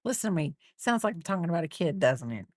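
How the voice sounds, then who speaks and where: A woman's voice: fairly low pitch, big pitch swings, fast talker, breathy edge, no echo, clean studio sound. A woman crochet streamer chatting casually as she works, teasing and doting on her dog and rambling through half-finished sentences. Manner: rambling with restarts. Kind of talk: casual chat while crocheting.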